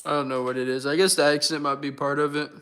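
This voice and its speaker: A young male livestream host with a slightly high voice chats loosely with his viewers. He answers their comments as he goes, in a relaxed and talkative way. He speaks close to a desk microphone. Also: fast. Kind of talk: casual livestream chat with viewers.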